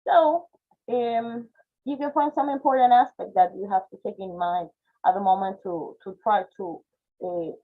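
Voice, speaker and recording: A woman's voice: medium pitch, steady tone, moderate pace. A woman with a Spanish accent teaching an online phonetics class, explaining step by step and checking in with "okay?" after nearly every point. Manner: explanatory, frequent "okay?" check-ins and "eh" fillers. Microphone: video call. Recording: tinny phone-like video call audio.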